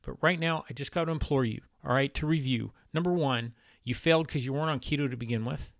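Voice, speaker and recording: A man's voice: medium pitch, fast, vocal fry, dry recording, studio quality. A man talking in a casual instructional vlog about diet, emphatic, exasperated and blunt. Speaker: keto diet vlogger.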